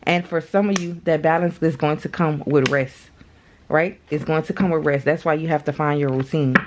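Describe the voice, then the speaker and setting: A woman's voice: low voice, steady tone, normal speed, slight background noise. A woman giving a casual spiritual card reading straight to her viewers. She is chatty, repeats herself for emphasis and talks to them directly.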